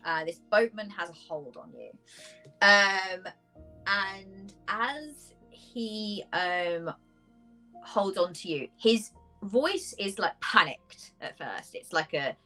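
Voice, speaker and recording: Woman game master, slow and halting, heavy on fillers, quiet music underneath. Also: medium pitch, animated, poor audio. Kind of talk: narrating a tabletop game. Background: faint background music.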